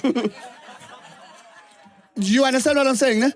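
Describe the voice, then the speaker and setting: A man's voice: extremely high pitch, fairly even intonation, unhurried, no room sound. A South African man co-hosting a live podcast Q&A, explaining at length, mixing English and Zulu and repeating himself. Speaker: podcast co-host.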